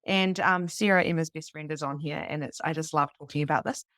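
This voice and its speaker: A New woman in her thirties telling a personal story to a live group, animated and casual, swearing freely. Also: low-pitched, fairly quick, no room sound, studio quality. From New Zealand. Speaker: psychic medium teaching beginners.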